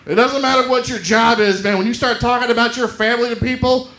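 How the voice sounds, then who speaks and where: Male stand-up comic with a very high voice, on a handheld mic in a roomy club. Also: fast. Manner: loud and animated, acts out quoted people. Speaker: stand-up comedian. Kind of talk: stand-up comedy set. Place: comedy club stage.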